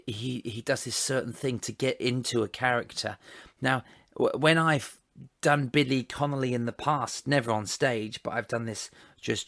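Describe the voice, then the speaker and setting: A man hosting a podcast, chatty and quick to laugh as he wraps up an interview. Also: medium pitch, gravelly, no room sound, studio quality. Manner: chatty, laughs often, warm thanks. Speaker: podcast host. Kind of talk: casual interview and outro.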